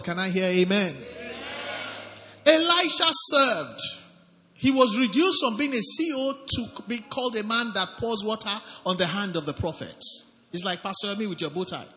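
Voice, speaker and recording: A man's voice: high-pitched, pushed and bright, long reverb tail. A man pastor preaching a sermon, reading scripture aloud and calling for amens from the congregation. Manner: preaching with call-and-response, reads scripture aloud.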